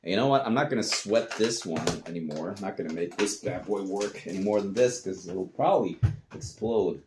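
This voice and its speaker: A man's voice: low voice, a little fast. A man, rambling casually and swearing offhandedly while he tests old recording gear at home. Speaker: vlogger. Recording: noisy home recording with clicks.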